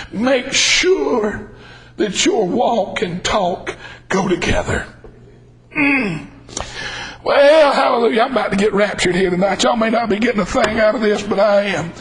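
A man preaching a fervent sermon, emphatic and breaking into shouts. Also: high voice, poor audio.

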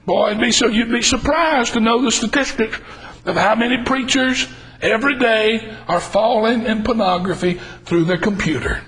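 A man preaching a fervent sermon, his voice pitched strikingly high for a man. He presses each point hard and bursts into shouts. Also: normal speed, low-quality recording.

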